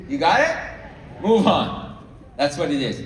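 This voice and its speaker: A man's voice: on the high side, very animated, slow pace, a little hiss or hum. A man giving a live sales training to a room, coaching the audience and often checking that they follow along. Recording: echoey hall, mic far off.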